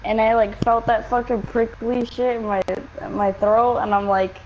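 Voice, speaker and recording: A woman's voice: on the high side, little pitch movement, moderate pace, few pauses, a little mellow, a little hiss or hum. A young woman casually telling a story, rambling with lots of fillers and swearing. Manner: rambling, swears a lot, many likes and fillers. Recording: dull lo-fi game-capture audio.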